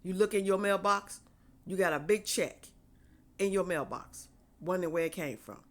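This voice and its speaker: Speaking at a normal pace in a lowish voice, a woman vlogs about faith, casually telling viewers to trust God. She keeps circling back to her key phrases with a conversational, preachy feel.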